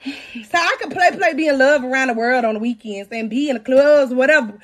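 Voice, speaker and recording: A woman in her thirties, casually telling a story to her audience, animated, with her voice swinging from low mutters to loud outbursts. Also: a little fast. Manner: talks to her audience directly. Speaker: storytelling podcast host.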